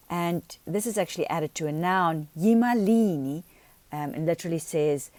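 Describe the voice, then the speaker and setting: Low-pitched female teacher, patient explainer of grammar, dry room. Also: expressive, darkish tone, no room sound. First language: not Xhosa. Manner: explains patiently, pronounces example words slowly. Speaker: language teacher. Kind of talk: recorded grammar lesson.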